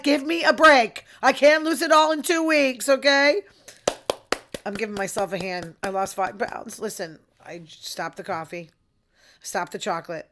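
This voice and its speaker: A woman's voice: medium pitch, fairly bright tone. A middle-aged woman, hosting a podcast in a casual, rambling, self-deprecating solo monologue. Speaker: podcast host.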